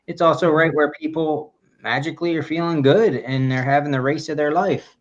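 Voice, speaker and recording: A man's voice: on the high side, fairly even intonation, normal speed. A man co-hosting a running podcast, talking in a casual, enthusiastic and rambling way with many restarts. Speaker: podcast co-host. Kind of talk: casual chat. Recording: dull lo-fi audio.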